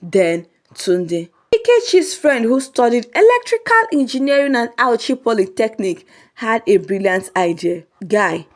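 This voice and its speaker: A woman narrating a comic folk story in a lively, humorous way. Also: fairly high pitch, unhurried.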